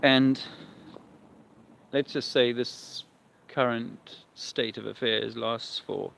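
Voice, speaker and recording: A man's voice: mid-range voice, fairly even intonation, slow pace, gravelly, fairly bright tone. A man chatting wryly and rambling as he livestreams on a walk outdoors. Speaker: livestream vlogger. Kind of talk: casual livestream chat while walking outdoors. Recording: dull lo-fi outdoor sound with faint noise.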